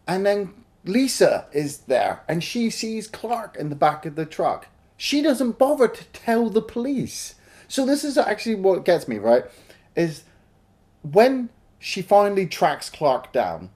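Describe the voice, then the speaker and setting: A man's voice: a little high, expressive, normal speed, mellow. A man co-hosting a film review show, chatting casually and animatedly, swearing and acting out scenes. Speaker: film review podcast co-host. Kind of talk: casual chat.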